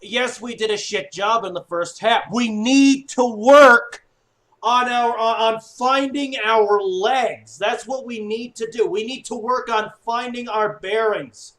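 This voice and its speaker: A high-pitched man rants about his team's loss. He talks slowly and drags his words, then breaks out shouting and swearing between muttered stretches. He sounds upset. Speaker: sports fan commentator. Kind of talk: ranting fan monologue.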